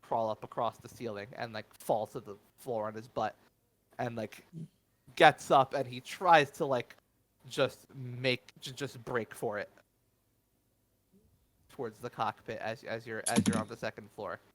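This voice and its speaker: A man's voice: medium pitch, measured pace, fairly bright tone. Male game master, casual narration, lots of "uh" and "like" restarts. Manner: hesitant, many fillers and restarts.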